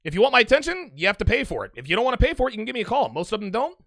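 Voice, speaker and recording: Brash man hosting a live call-in show, high, gravelly voice, bright tone. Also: big pitch swings, very fast, no echo, clean studio sound. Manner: brash, emphatic, repeats himself. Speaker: livestream host reading super chats and taking calls. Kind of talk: casual live show chat.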